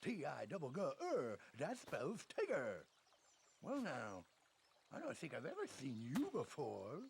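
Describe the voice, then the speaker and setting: An actor playing a bouncy, cheerful male cartoon tiger with a gravelly, folksy, boastful voice. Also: a little high, huge pitch swings, a little slow, slight background noise, exaggerated voice. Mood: cheery.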